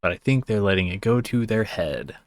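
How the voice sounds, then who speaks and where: A man's voice: on the low side, expressive, brisk, dry recording, studio quality, faint music behind. A young man giving casual stream commentary, sarcastic and profane, wandering off into rambling asides. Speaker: streamer reacting to a song.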